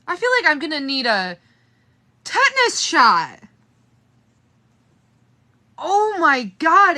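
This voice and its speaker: A woman's voice: very high voice, bright, forceful tone. A young woman livestreaming casually to her viewers, shaky and in pain, laughing nervously and swearing through it. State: trembling, in pain.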